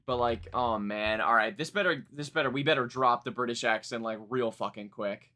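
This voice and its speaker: A man's voice: medium pitch, moderate pace. A man reacting live to new music, casual and profane, with exasperated running commentary. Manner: animated, swears freely, exasperated asides.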